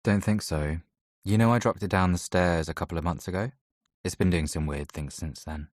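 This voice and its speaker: A man's voice: low-pitched, moderate pace, no room sound, clean studio sound. A man reading an easygoing teenage boy in an audiobook. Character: teenage boy boyfriend, easygoing and laid-back.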